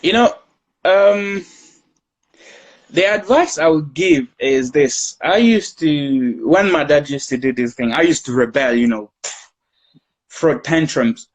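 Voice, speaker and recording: A man speaking as a guest in a live discussion, giving calm, earnest advice and now and then acting out conversations between a child and a parent. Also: fairly high pitch, slow, pauses often, rough recording. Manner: acts out parent-child conversations in quoted speech.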